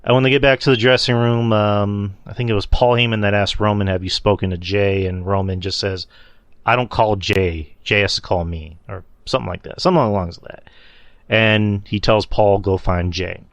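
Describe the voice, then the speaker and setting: Low-voiced man rambling casually. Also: steady tone, moderate pace, dry recording. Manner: rambling, loose, swears, laughs at own slips. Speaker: podcast host. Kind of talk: casual wrestling recap chat.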